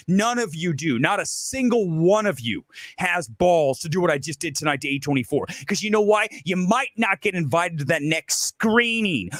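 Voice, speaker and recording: A man's voice: sits high, expressive, normal speed, fairly bright tone, no room sound, clean studio sound. A middle-aged man from Ohio hosting a film commentary show, ranting with emphatic, repeated rhetorical questions. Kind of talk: ranting monologue.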